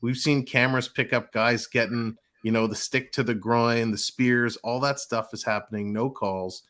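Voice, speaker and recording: A man's voice: mid-range voice, moderate pace. Frustrated male hockey co-host. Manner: steady, frustrated critique. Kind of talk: casual sports chat.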